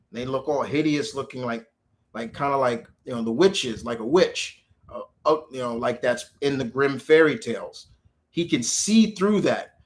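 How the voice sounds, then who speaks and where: A man chatting casually as a channel host, rambling with frequent restarts and animated quoted asides. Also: mid-range voice. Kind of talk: casual chat.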